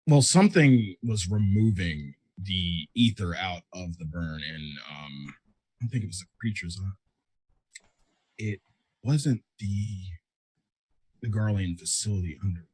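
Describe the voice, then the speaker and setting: A man's voice: sits low, animated, unhurried, a little mellow, breathy edge. A man co-hosting a podcast, answering hesitantly and trailing off. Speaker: podcast co-host. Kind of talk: casual podcast chat.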